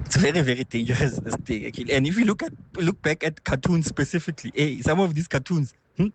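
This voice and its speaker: A man's voice: a little high, animated, fast talker. A man calling in to a radio show, speaking emphatically with many hesitations. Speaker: caller. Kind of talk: phone-in call. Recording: noisy phone line.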